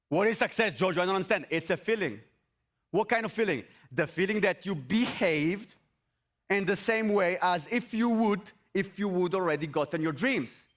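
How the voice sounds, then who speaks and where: Man, motivational speaker on stage, high voice, lively swooping pitch, energetic, repetitive, rhetorical questions. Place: event stage.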